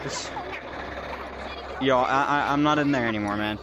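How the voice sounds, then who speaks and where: A man giving excitable, nervous live commentary while playing a VR game, often yelping and laughing. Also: mid-range voice, moderate pace, highs cut off. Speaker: gameplay vlogger. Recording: noisy game audio behind.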